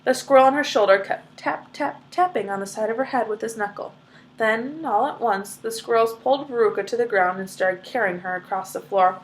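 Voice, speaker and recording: A woman's voice: fairly high pitch, brisk, slight background noise. A woman reading a children's book aloud, stopping for chatty explanations. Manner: chatty asides full of "like".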